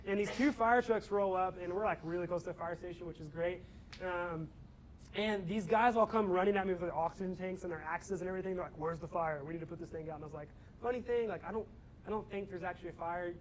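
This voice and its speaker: Animated young man telling a story to students. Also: high-pitched, fast talker, a little hiss or hum, rough recording. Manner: animated storyteller, acts out his own shouting. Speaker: campus ministry speaker. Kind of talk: storytelling talk to a student audience.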